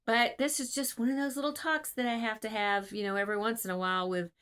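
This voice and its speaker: A woman's voice: fairly high pitch, steady tone, fast, fairly bright tone, clean tone. A woman casting director giving casual advice to camera in an earnest, rambling way, full of ums and restarts, over a video call. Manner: rambling, filler-heavy and earnest.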